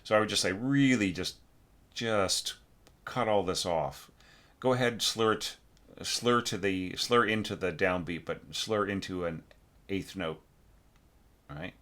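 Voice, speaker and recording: A man teaching orchestration, giving a relaxed score critique full of fillers and self-corrections, now and then singing phrases on nonsense syllables. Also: deep voice, unhurried, long pauses. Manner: relaxed, thinks aloud, sings phrases with syllables.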